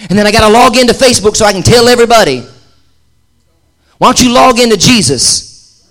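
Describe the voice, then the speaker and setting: A male pastor preaching a lively sermon, mixing jokes and acted-out asides with shifting pace. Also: on the high side.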